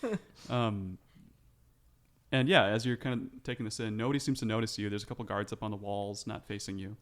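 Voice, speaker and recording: A man narrating as game master of a tabletop game, relaxed and chatty with lots of fillers. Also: lowish voice, brisk.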